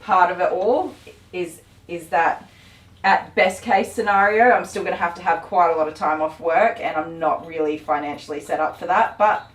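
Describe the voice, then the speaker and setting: Chatty woman, low voice, roomy. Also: recorded from a distance. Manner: chatty, rambling, frequent ums and laughs. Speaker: dog groomer and live stream host. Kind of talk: casual live stream chat. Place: grooming salon. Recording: roomy, from off the mic.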